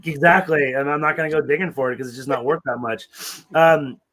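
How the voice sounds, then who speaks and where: A man with a somewhat high, bright and forceful voice rants through a casual podcast chat. He swears freely and tells long workplace stories. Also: steady tone, a little fast. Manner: ranting, swears a lot. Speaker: podcast co-host.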